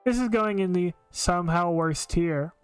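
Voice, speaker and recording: A woman's voice: fairly low pitch, normal speed, smooth, no echo, faint music behind. A woman streaming live, giving blunt, opinionated casual commentary with frequent filler words.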